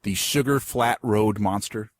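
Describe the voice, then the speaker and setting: A man's voice: lowish voice, unhurried, no room sound. A man hosting a casual podcast chat, stuttering and repeating words as he talks. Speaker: podcast host.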